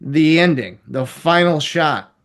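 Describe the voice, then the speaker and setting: A man's voice: fairly high pitch, expressive, takes it slowly. A man reviewing a film in casual chat, rambling and chuckling as he talks.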